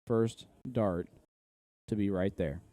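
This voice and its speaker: A man's voice: fairly low pitch, steady tone, slow, warm tone, no room sound. A man from Indiana with an Indiana accent giving casual, analytical play-by-play commentary on a live darts match.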